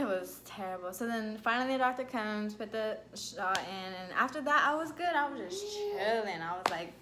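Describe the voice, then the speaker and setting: A woman vlogger casually telling a personal story to camera, chatty and lively, full of "like" and "you know", and acting out her own past lines with big leaps in pitch. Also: normal speed, few pauses, slight background noise.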